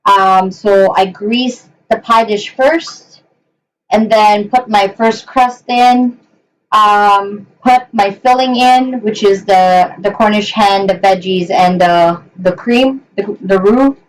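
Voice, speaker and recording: A woman's voice: medium pitch, slow pace, a little hiss or hum. A young woman chatting through a live home cooking show in her kitchen, hesitant with many ums, talking to viewers and her dogs. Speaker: cooking livestream host. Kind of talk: casual live cooking chat. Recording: voice a bit far from the mic.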